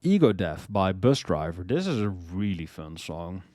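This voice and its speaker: A man's voice: deep voice, very animated, moderate pace, warm tone, no echo. A young man casually reviewing his favorite songs in a rambling way, full of "like" and "you know" and repeated words. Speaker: music reviewer. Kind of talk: casual spoken song review.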